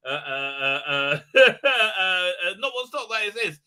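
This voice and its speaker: Rambling middle-aged man with bright voice. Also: high-pitched, lively intonation, normal speed, few pauses. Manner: rambling, many fillers, jokey and blunt. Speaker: host. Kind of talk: casual live-stream commentary.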